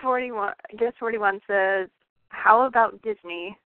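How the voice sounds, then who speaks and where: A woman's voice: medium pitch, slow pace, no room sound. A woman with a Michigan accent interviewing a guest, giggling as she reads out viewer questions over a call. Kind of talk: casual online interview. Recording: dry tinny phone-like call audio.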